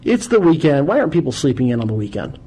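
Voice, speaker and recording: A man hosting a call-in radio show, chatting casually and animatedly with loud bursts of exclamation. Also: on the high side, very animated, fast talker, husky, rough recording.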